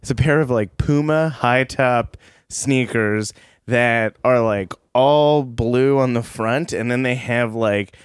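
A man's voice: mid-range voice, slow, clean tone, no room sound, clean studio sound. Giggly laid-back man chatting. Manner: laid-back, giggly storyteller with many fillers. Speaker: podcast co-host. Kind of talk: casual chat.

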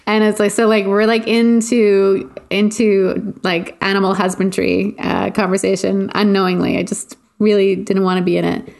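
A woman's voice: mid-range voice, flat delivery, normal speed, gravelly, few pauses, a little mellow. A woman co-hosting a casual chat, telling a rambling story and laughing often.

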